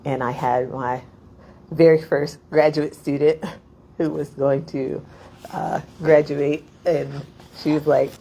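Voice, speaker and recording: Middle-aged woman, deep voice, chatty digressive storyteller at a reading, quick to laugh. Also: steady tone, mellow, a little hiss or hum, rough recording. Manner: rambling, laughing, many "like" fillers. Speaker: poet.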